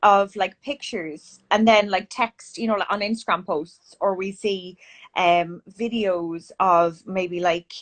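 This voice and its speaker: A woman's voice: medium pitch, steady tone, slow. A woman with an Irish accent interviewing a guest in casual chat over a video call, talking with lots of fillers. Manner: chatty, many fillers.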